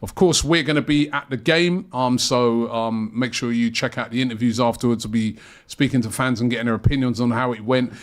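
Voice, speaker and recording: A man's voice: medium pitch, fairly even intonation, brisk, few pauses. A man hosting a casual football chat show, chatty and rambling with lots of fillers. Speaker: show host.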